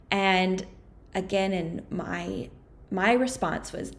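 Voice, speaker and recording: A woman guest on a podcast interview giving a personal account in a halting, soft-spoken way, with frequent restarts and a slower pace at the hardest moments. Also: medium pitch.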